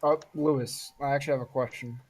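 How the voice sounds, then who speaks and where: A young man playing a tabletop game, speaking in character in an earnest, halting way. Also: medium pitch, fairly even intonation, darkish tone. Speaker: player. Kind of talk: casual in-character play.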